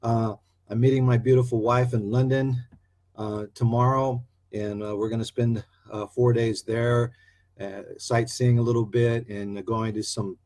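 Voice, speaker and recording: A man's voice: medium pitch, flat delivery, a little slow, a little mellow. Chatty upbeat man from Idaho. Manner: chatty, upbeat, loose with many uh fillers. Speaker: vlogger. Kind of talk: casual talk to camera.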